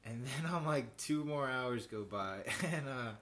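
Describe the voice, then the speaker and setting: A man's voice: medium pitch, unhurried, a bit bright. A young man, a podcast host, telling a long story in casual chat, rambling, with lots of "like", swearing and laughing as he goes.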